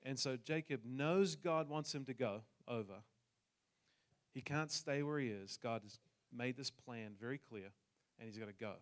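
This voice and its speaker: A man's voice: mid-range voice, normal speed. A man from New Zealand with a New Zealand accent, telling a personal story in a sermon with jokes for the congregation. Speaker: pastor.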